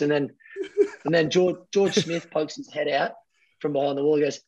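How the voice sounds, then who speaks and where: A man's voice: on the high side, fairly quick, muffled recording, slight background noise. An Australian man in his thirties, a rugby player, telling stories casually with lots of fillers and acted-out quotes. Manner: rambling, animated, lots of fillers, acts out quotes. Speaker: guest, professional rugby player. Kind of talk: casual storytelling.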